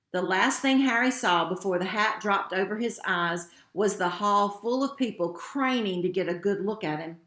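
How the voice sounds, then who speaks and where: A woman reading a novel aloud in a steady, expressive way. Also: medium pitch, normal speed, hardly any pauses. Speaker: narrator. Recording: roomy echo.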